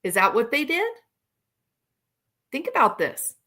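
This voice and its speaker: A woman's voice: sits high, wildly swooping pitch, unhurried, pushed and bright. A woman hosting true crime commentary, talking casually to her viewers and speculating aloud with rhetorical questions.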